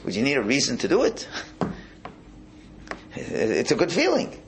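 Male religious teacher, gravelly, very expressive pitch, repeats himself while explaining. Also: normal speed, noisy background. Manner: animated, repeats words, restarts phrases. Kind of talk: Hasidic Torah class.

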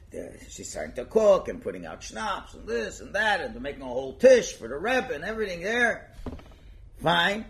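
Animated man telling a story with lively pitch. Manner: animated, acting out characters, frequent fillers. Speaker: storyteller and teacher. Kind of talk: casual spoken storytelling lesson.

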